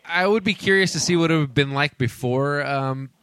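A man's voice: on the high side, brisk, fairly bright tone, clear, resonant tone. A man telling stories and joking in a casual comic podcast chat. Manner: joking, storytelling, swears. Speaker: podcast panelist.

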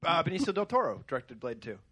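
Casting: male podcast regular, crude and dry, slightly high pitch. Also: very animated, fast, pushed and bright. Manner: crude, sardonic. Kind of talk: casual chat.

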